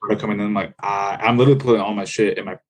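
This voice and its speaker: A man's voice: fairly low pitch, fairly even intonation, racing. A young man from the United States, a podcast guest, talking in a laid-back, rambling way with lots of fillers and swearing. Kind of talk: casual chat.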